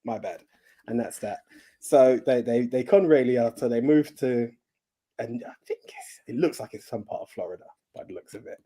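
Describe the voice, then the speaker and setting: A man's voice: medium pitch, moderate pace. A man whose first language is Russian, co-hosting a podcast and chatting loosely about movies with many restarts. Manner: lively, rambling, restarts often, laughs a lot. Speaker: podcast co-host. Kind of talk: casual movie chat.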